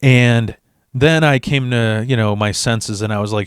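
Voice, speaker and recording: A man telling a comedic personal story in a rambling, profane, animated way. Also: mid-range voice, measured pace, clean tone, no echo, studio quality.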